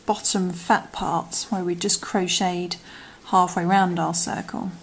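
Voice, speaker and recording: A British woman talks through a crochet tutorial in an easy, conversational way. Her voice has a gravelly fry, and her words often trail off into murmurs as her hands get busy. Soft clicks and a faint background hiss sit behind her. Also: fairly low pitch, flat delivery, takes it slowly. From United Kingdom. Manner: chatty, often trailing into murmurs and whispers while working. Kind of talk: casual step-by-step craft tutorial.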